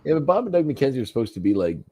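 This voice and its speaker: Speaking very fast in a mellow, sing-song, mid-range voice, this Canadian podcast co-host chats casually through a cartoon episode recap. He laughs a lot and drops into goofy character voices.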